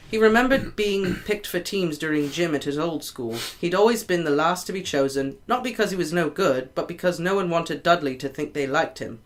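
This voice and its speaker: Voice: medium pitch, moderate pace, fairly bright tone. An amateur reader works through a novel chapter aloud in an easy, unpolished way. Now and then a word slips and gets corrected on the spot. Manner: casual reading with stumbles and self-corrections.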